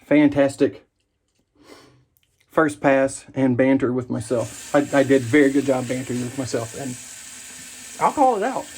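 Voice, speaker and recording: His delivery is flat and normally paced, the mid-range voice a little mellow and slightly rough. He's a wet shaving channel host who rambles and jokes self-deprecatingly while shaving in his home bathroom.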